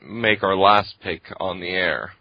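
A man's voice: low-pitched, dry recording. A podcast co-host jokes and banters with his friends. His voice is dry and close. The audio is dull and muffled. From Canada. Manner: joking, quick banter. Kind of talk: casual chat.

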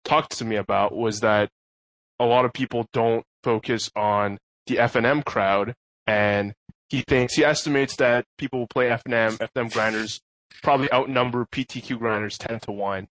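Relaxed male podcast co-host. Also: mid-range voice, moderate pace, no room sound. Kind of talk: casual podcast chat.

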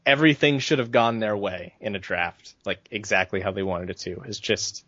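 A man's voice: fairly low pitch, normal speed, a bit bright, breathy edge, no echo. A man co-hosting a podcast, ranting in a heated, profane, casual way. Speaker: podcast co-host. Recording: dull, dry lo-fi sound.

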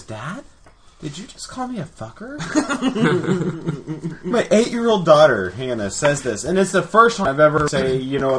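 A man's voice: medium pitch, a bit bright. A man in his thirties co-hosting a podcast, telling stories in a loose, rambling way and swearing freely. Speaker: podcast co-host. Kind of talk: casual chat.

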